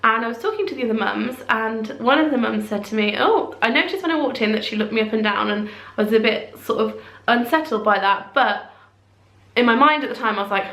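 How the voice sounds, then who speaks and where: A woman's voice: on the high side, brisk, fairly bright tone. A woman vlogging to camera in a chatty, self-deprecating way, with rambling asides. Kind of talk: casual talk to camera. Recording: echoey room.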